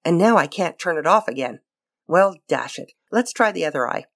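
Woman reading as a posh gentleman detective, breezy and clipped, gravelly edge. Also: low-pitched, animated, moderate pace, full character voice. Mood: jaunty. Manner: breezy, clipped, cheerfully teasing. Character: upper-class English gentleman sleuth, jaunty and playful.

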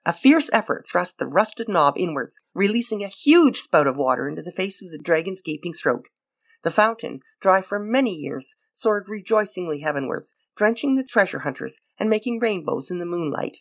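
A woman's voice: fairly low pitch, expressive, a little fast, vocal fry. A woman, reading a short story aloud as a radio host, then signing off. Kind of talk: storybook narration and radio sign-off.

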